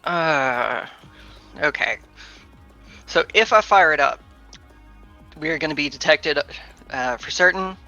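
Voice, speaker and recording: A man voices his character in a tabletop game, slow and hesitant. His voice is gravelly and sharp-edged. The recording sounds dull, like a cheap microphone. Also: on the high side, soft background music. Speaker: player.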